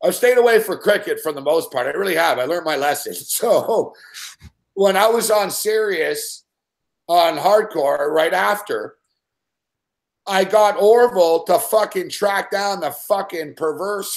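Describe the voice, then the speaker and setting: A man's voice: on the high side, lively intonation, measured pace. A man hosting a show, telling a long profane story in an agitated, swearing rant. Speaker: show host.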